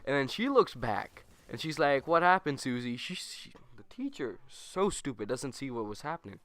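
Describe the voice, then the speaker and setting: A man's voice: mid-range voice, no room sound. Rambling young man telling a story. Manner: rambling, animated, self-correcting, with quick put-on quotes. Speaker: gaming channel host. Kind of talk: casual storytime over gameplay.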